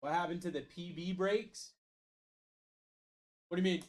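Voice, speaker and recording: A man's voice: high-pitched, fairly even intonation, a little slow. A man hosting a live card break stream, calling out picks and chatting casually. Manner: calls out picks, hypes spots.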